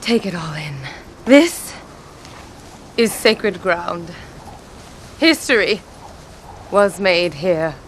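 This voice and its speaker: An actress playing a flamboyant, fussy escort from a rich capital, theatrical and bossy in a film. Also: female voice, on the low side, expressive, very slow, pauses often, a bit bright, slight background noise, exaggerated voice. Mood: grand. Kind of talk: film acting.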